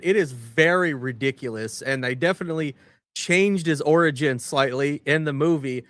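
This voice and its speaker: A man, a guest on a casual movie review chat, explaining in a relaxed, matter-of-fact way. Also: fairly high pitch, dry recording, studio quality. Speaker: podcast guest.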